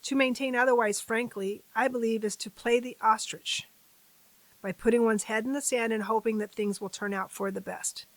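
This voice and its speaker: A woman hosting a civics channel, reading a formal testimony aloud at a deliberate pace and breaking off for chatty asides to her viewers. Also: fairly high pitch, fairly even intonation, dry recording, poor audio.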